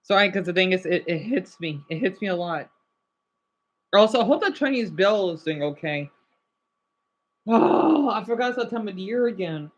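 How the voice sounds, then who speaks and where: A man's voice: high-pitched, lively intonation, normal speed, pauses often. A young man hosting a casual livestream, rambling and getting emotional while reading names from the chat. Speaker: livestream host.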